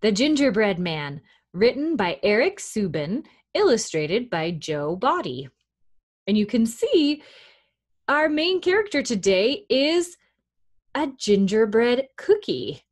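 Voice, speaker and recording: Slow, lively children's librarian woman. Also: a little high. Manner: gentle, encouraging, speaking to young children. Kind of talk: children's storytime reading.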